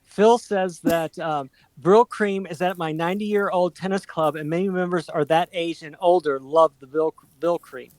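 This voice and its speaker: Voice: medium pitch, normal speed, few pauses, a little mellow, dry recording. A co-host of a craft show who reads out viewer comments and explains things, with lots of hesitant fillers. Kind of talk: casual chat.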